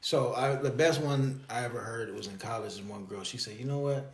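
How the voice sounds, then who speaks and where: A man in his thirties, a podcast guest, telling stories and joking deadpan with his sister and her partner. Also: mid-range voice, fairly quick, echoey room. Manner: deadpan joking storyteller, laughs through his own stories. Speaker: guest, the co-host's brother. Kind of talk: casual podcast chat.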